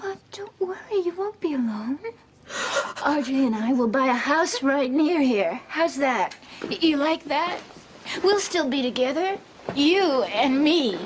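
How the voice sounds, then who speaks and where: An actress playing a sweet, eager young film star who talks in a gushing, affectionate way. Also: female voice, sits high, lively intonation, measured pace, a little hiss or hum. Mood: pleading. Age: young adult. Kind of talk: TV movie drama.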